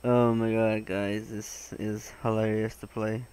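A young man giving gaming commentary, excitable and swearing, with loud exclamations and a voice that cracks. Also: fairly low pitch, measured pace, smooth, poor audio. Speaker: gaming channel host.

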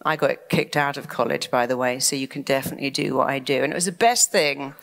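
A middle-aged woman giving a motivational talk, acting out anxious inner voices with lively swings of tone. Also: a bass voice, fast, creaky, hardly any pauses. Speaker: motivational speaker.

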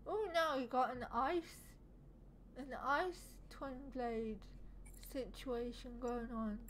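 High, unhurried woman streamer. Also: slight background noise. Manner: chatty, swears, talks to herself. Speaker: gaming streamer. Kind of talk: casual let's-play commentary.

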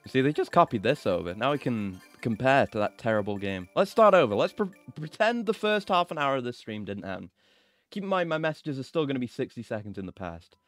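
A man's voice: mid-range voice, very animated, a little fast, soft background music. A man streaming a video game, chatting casually in a rambling, mildly frustrated way and swearing now and then. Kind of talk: casual gaming stream chat.

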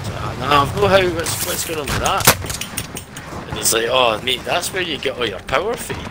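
A man's voice: mid-range voice, normal speed, heavy background noise. Swearing Scottish man telling gaming stories. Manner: rambling, swears a lot, animated retelling. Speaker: gaming streamer. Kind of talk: casual chat while gaming.

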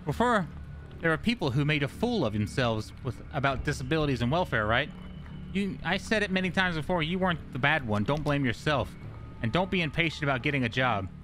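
A man voicing a caring mother who gently reassures her grown son, in a raised, soft reading voice. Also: a little high, animated, brisk, soft background music. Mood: tender.

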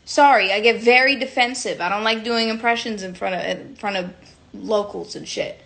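A woman's voice: medium pitch, normal speed, vocal fry, fairly bright tone. A young woman chatting casually on a phone livestream, giggling, rambling and cutting herself off mid-sentence. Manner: giggly, rambling, self-interrupting.

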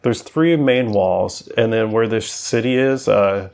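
A man's voice: on the low side, a little slow, vocal fry, a little mellow. A man co-hosting a casual podcast, easygoing and dry, often chuckling along. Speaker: podcast co-host. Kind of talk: casual chat.

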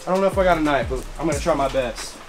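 A fairly high-voiced man talks through his collection in a casual show-and-tell vlog. He is hyped and slangy, loops the same catchphrases and keeps bursting with excitement. Music plays clearly underneath him. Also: rapid-fire. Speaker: fireworks vlogger. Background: background music.

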